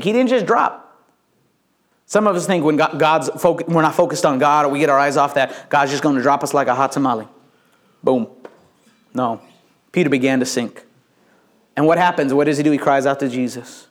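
A man preaching a sermon with playful jokes and frequent stammered restarts, a father of young kids. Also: mid-range voice. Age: adult with young children. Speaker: pastor.

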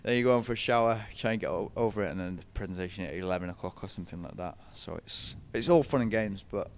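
A man's voice: low-pitched, fast talker. A young man, telling running stories in a casual interview, chatty and laughing often. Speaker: podcast guest, ultra runner.

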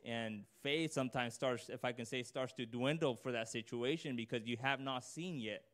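A man preaching in a relaxed, conversational way, reading scripture and then unpacking it in his own words. His voice is smooth and clear at a middle pitch. When he presses a point he grows louder and higher, earnest rather than polished. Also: moderate pace. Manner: earnest, conversational, rising intensity on emphasis. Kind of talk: informal sermon with scripture reading.

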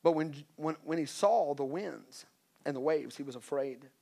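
A man preaching a sermon in a conversational way, with joking asides and swings from quiet to loud. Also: a little high, normal speed, vocal fry. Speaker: pastor.

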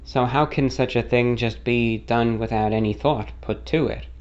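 An American man with a faintly non-rhotic accent, a slightly British-like lilt, answers a listener's question as host in a rambling, self-correcting casual monologue. His medium-pitched voice is steady and a little mellow at normal speed, and the recording's highs are cut off.

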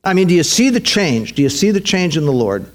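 Male pastor, emphatic sermon delivery, slightly high pitch. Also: very animated, fairly quick. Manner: emphatic, repetitive preaching.

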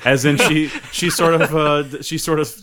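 A man co-hosting a casual chat, animated, laughing often and restarting his sentences. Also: fairly high pitch. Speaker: podcast co-host.

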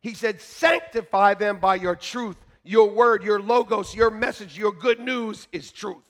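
A male pastor preaching a sermon to his congregation, joking with them and moving between quiet asides and shouted emphasis. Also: sits high, fairly even intonation, measured pace. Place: church sanctuary.

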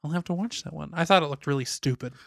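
A man in casual conversation, joking and bantering quickly with his friends. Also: fairly high pitch, vocal fry, fairly bright tone, dry recording, studio quality. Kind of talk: casual podcast chat.

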